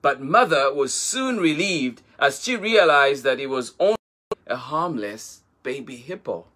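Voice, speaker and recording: A man reading a children's picture book aloud as a storyteller, in a slow and expressive manner. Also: medium pitch.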